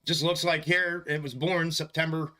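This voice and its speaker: A man's voice: a little high, fairly even intonation, moderate pace, sharp tone. A man hosting a stock market livestream in casual chat, laid-back and profane, often chuckling and calling viewers bro. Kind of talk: casual live-stream chat.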